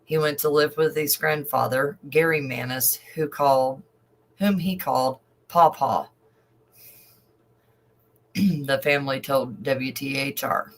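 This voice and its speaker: A man with a medium-pitched voice reads a news story aloud in a rough recording. Speaking slowly as an online commentator, he adds emotional asides between the passages he reads.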